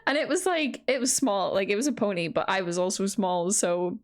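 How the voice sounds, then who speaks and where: A woman co-hosting a podcast, chatting casually and laughing often as she tells animated stories. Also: mid-range voice, fairly quick. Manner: giggly, animated storyteller. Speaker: podcast co-host. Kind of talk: casual chat.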